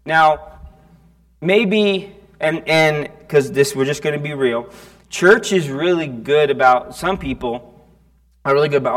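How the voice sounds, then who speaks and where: A man preaching a sermon in church, talking casually with frequent restarts and questions to the congregation. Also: fairly high pitch. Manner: conversational, halting with restarts, asks the congregation questions. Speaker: pastor. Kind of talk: sermon with storytelling.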